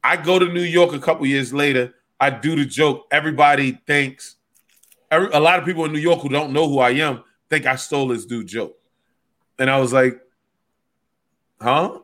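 A man who is a stand-up comic, chatting casually and telling animated stories, swearing freely and acting out what people said. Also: medium pitch, fairly quick. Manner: animated storyteller, swears freely, acts out quotes. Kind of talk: casual podcast chat.

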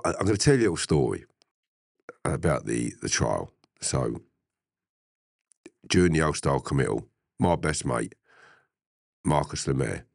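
A middle-aged man, telling a story in an interview, animated, often laughing and swearing. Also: rumbling low, vocal fry, no room sound, clean studio sound. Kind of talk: casual storytelling.

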